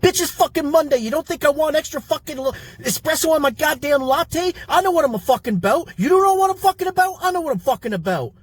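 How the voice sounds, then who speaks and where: A man's voice: fairly high pitch, big pitch swings, brisk, breathy edge, dry recording. An actor playing a grumpy man who swears constantly while ranting about coffee and Mondays, in a comedy sketch video. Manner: crude, exasperated ranting with heavy swearing.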